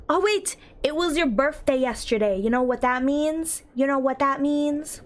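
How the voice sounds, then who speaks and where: A young woman's slightly raised voice chatters over her gameplay. She is bubbly and giggly, reading game text aloud and gushing warmly at her viewers in an easy, casual way. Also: high-pitched, measured pace, few pauses. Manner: bubbly, giggly, gushes at chat. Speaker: streamer.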